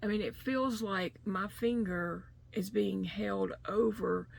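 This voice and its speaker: Gravelly-voiced woman vlogging to camera. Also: medium pitch, takes it slowly. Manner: rambling, many fillers and restarts. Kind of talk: casual talk to camera.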